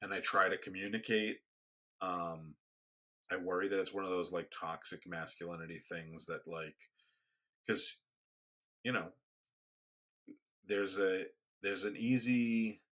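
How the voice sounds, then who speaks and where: A man in a casual podcast conversation, speaking a little low with a bright, forceful edge. He talks haltingly, restarting his sentences as he searches for the right words. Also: fairly even intonation. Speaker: podcast co-host.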